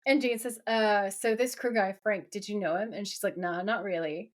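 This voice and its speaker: Speaking at a normal speed with a medium-pitched voice, this podcast co-host walks through a TV episode in a relaxed way. She livens it up by performing the characters' exchanges as quoted dialogue.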